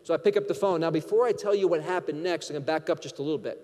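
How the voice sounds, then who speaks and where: A man from Connecticut delivers a keynote in a lively, anecdotal way, acting out bits of dialogue as he goes. His voice sits high for a man. The sound carries a long reverb from a large conference hall. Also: racing. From Connecticut, USA. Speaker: keynote speaker. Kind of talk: storytelling keynote speech.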